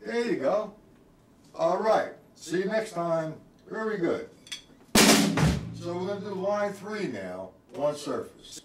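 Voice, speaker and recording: A man's voice: sits high, animated, slow, over loud music. A man teaching a live-streamed drum lesson, counting beats aloud and quizzing his viewers by name. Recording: roomy, from a distance.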